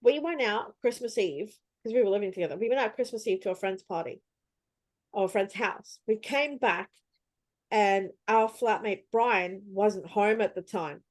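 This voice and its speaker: A woman's voice: medium pitch, moderate pace, dry recording. A woman telling stories in casual chat, acting out her own reactions with animation. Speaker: host.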